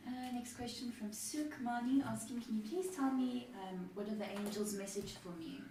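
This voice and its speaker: A woman co-host reading viewers' questions aloud in an even, quiet way. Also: a little high, moderate pace. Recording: very echoey, distant from mic, faint noise.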